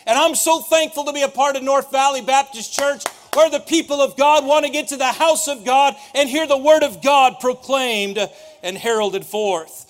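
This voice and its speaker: A high-voiced man preaches a sermon to his congregation. He presses hard on key phrases, then slows and drops to a near hush for dramatic lines.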